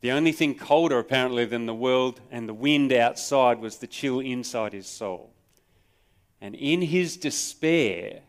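An Australian man preaching a live Sunday sermon, his voice smooth and resonant at an ordinary middle pitch. He talks to the congregation conversationally, poses rhetorical questions, and tells stories with a sense of drama. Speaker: pastor. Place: church service, recorded live.

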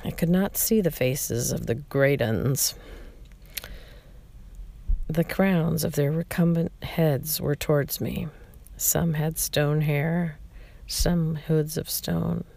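Slow, gravelly memoir reader. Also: medium pitch, dark tone. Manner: slow, reflective reading with frequent slips and restarts. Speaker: narrator. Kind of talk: reading a memoir aloud.

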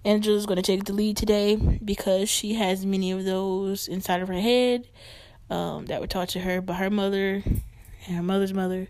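A woman hosts a talk show in a chatty, playful manner, dropping in fillers as she rolls through light news. Her mid-pitched voice is recorded close and dry, with no room around it. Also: flat delivery, normal speed, darkish tone, no room sound. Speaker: podcast host.

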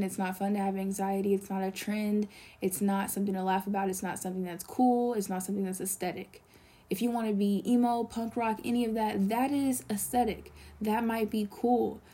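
A young woman with a warm, mid-range voice speaks to camera in an earnest, pleading confessional monologue. She leans hard on repeated emphasis and sometimes drops to a whisper.

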